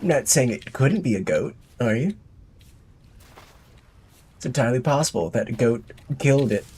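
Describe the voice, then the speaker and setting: A man's voice: medium pitch, animated, moderate pace, a little mellow, slightly rough. Man musing aloud while playing. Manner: rambling, talks to himself and chat. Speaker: streamer. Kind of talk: casual gameplay commentary.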